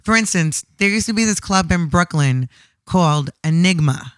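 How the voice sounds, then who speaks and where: A woman's voice: lowish voice, animated, normal speed, dry recording, clean studio sound. A woman with a Staten Island New York accent, co-hosting a podcast with blunt wisecracks. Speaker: podcast co-host. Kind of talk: casual chat.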